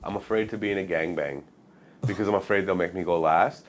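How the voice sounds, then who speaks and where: A man's voice: deep voice, fast talker, slight background noise. A young man, a comedian guest, trading crude jokes in casual chat. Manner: crude, joking banter.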